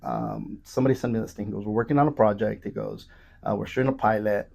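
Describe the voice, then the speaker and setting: Gravelly man telling wild stories. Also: lowish voice, fast talker. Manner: profane, animated, many restarts. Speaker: podcast guest. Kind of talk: casual storytelling. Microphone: studio podcast mic.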